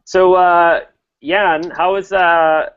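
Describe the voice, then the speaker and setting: A man's voice: sits high, flat delivery, very slow, a bit bright, clear, resonant tone. Rambling man in a dull lo-fi call. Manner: rambling, many fillers and restarts. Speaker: motovlogger hosting a chat. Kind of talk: casual chat.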